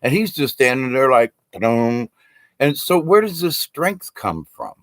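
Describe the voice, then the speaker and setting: A man's voice: medium pitch, big pitch swings, normal speed, a bit bright, no room sound, clean studio sound. An older man telling casual stories about his teachings, rambling and laughing often, with casual swearing. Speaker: speaker on shamanism. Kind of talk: casual storytelling talk.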